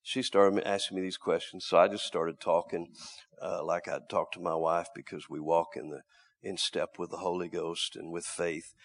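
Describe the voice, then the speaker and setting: A middle-aged man gives a sermon at a normal speed with a flat delivery. He shifts between emphatic loud passages and low, quiet asides, and tends to repeat words as he restarts.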